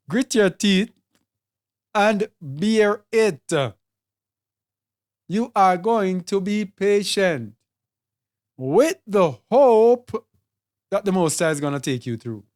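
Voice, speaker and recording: Jamaican accent, sermon, slow measured delivery, emphatic word lists, mid pitch. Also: animated, darkish tone. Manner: deliberate, repeats and lists words for emphasis. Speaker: Bible teacher.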